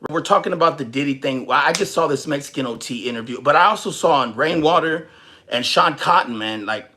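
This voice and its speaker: A man's voice: a little high, a little fast, a little hiss or hum. A young man from Texas ranting casually and profanely on his livestream, rambling and joking with viewers. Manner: rambling, profane, animated, jokes and chats with viewers. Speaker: livestream host.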